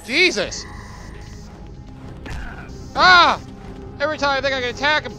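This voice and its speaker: A man doing jokey, profane, excitable gameplay commentary as a let's play host. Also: very high voice, a little slow, soft background music.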